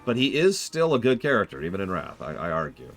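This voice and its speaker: A man's voice: sits low, huge pitch swings, fast talker. A man giving casual, opinionated commentary while streaming a game, joking with his chat.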